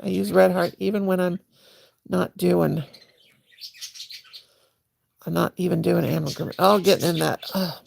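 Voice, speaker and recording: A woman's voice: lowish voice, fairly even intonation, moderate pace, creaky, pauses often, darkish tone, slight background noise. A woman hosting a crochet livestream, chatting to viewers in a rambling, folksy way while she crochets. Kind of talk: casual livestream chat.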